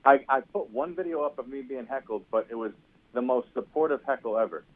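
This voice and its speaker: Fast-talking comedian man from New York. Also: medium pitch. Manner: quick, storytelling, self-deprecating. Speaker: stand-up comedian guest. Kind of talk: casual interview chat. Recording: tinny phone-like sound.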